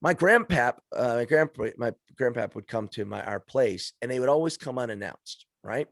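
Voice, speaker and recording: A man tells a long family story in casual podcast chat, cursing freely and restarting his sentences. His voice has a gravelly fry and sits at a middle pitch. The sound is close and dry. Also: lively intonation, moderate pace, no echo. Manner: profane, rambling storyteller with frequent restarts. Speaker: podcast guest.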